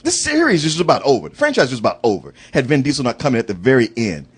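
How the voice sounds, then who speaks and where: A man's voice: mid-range voice, wildly swooping pitch, racing, slightly rough. A man hosting a casual film review chat, talking animatedly and acting out characters' lines in quoted voices. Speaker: film review podcast host.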